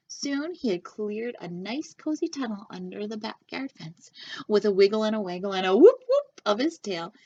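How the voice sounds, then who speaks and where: A woman, a children's librarian, reading a picture book aloud with animated, expressive storytelling. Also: medium pitch. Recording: dull lo-fi sound.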